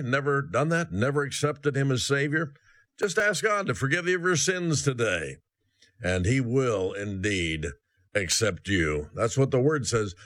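A man's voice: medium pitch, fairly bright tone, no echo. A male preacher delivering a sermon, speaking earnestly and directly to the listener.

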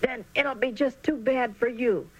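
A woman voicing a gruff, scheming young boy bully in a children's storybook reading. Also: a little high, unhurried, pitched above the performer's own voice, poor audio. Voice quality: gruff, whispering.

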